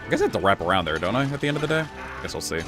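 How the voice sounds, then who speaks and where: Laid-back male streamer, lively pitch. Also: very fast, music in the background. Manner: relaxed, rambling, swears casually. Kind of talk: casual gameplay commentary.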